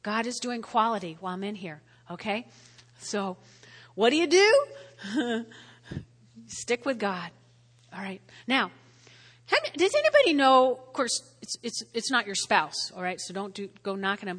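A woman's voice: on the high side, bright, forceful tone. A woman pastor preaching a conversational sermon, often checking in with her listeners and repeating key phrases for emphasis. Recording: long reverb of a large hall.

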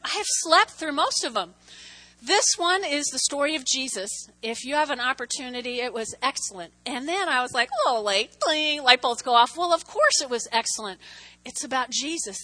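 A middle-aged woman telling personal stories in a church talk, animated, with restarts and asides. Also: sits high. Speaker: church speaker.

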